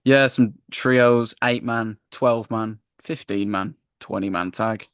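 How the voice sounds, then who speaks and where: A man co-hosting a casual wrestling review podcast, chatty and animated as he retells the show. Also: fairly low pitch, takes it slowly, smooth, no echo, clean studio sound. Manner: chatty, animated when acting out wrestlers, frequent "I was like". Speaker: podcast co-host.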